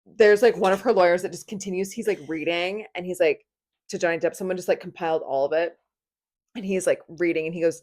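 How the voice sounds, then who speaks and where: A woman's voice: fairly low pitch, steady tone, quick pace, a little mellow. A woman in her twenties co-hosting a podcast, gossiping in casual chat with lots of "like" fillers and frequent laughter. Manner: chatty, gossipy, laughs often, many "like" fillers. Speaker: podcast co-host.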